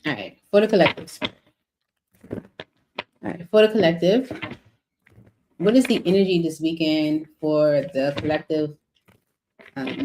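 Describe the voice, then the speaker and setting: A woman's voice: deep voice, darkish tone, slight background noise. A middle-aged woman giving a casual tarot reading, chatty and rambling with lots of fillers. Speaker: tarot reader.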